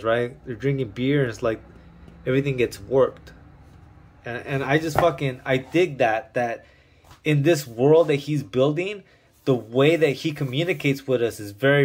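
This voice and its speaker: A man's voice: mid-range voice, slightly rough. A man casually reviewing an underground comic book on video, talking with loose slang, plenty of swearing and open enthusiasm.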